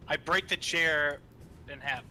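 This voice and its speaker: A man's voice: a little high, measured pace, bright, forceful tone, soft background music. A man playing in a tabletop game, talking in a brash way and acting on impulse. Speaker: player. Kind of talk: casual chat at a game table.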